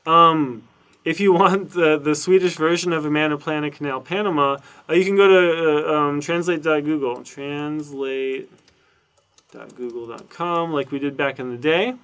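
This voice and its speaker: A man's voice: a little high, fairly even intonation, normal speed, fairly bright tone, clean tone. Man lecturing casually with many fillers. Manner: thinks aloud with many fillers and restarts. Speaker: university lecturer. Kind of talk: casual recorded lecture walking through documentation.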